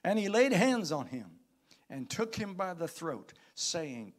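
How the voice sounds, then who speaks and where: Guy preaching to his church, reads the bible out loud all dramatic, pitch swings a lot. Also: slow. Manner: animated preaching, reading scripture aloud with dramatic emphasis; calls out to the congregation. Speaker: pastor. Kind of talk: sermon.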